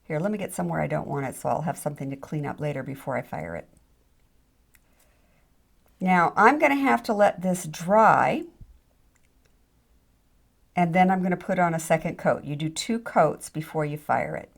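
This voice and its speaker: A woman's voice: low voice, lively intonation, normal speed, gravelly, pauses often. A middle-aged woman giving a chatty, self-deprecating hands-on jewelry demonstration, with frequent ums and restarts. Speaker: jewelry tutorial instructor.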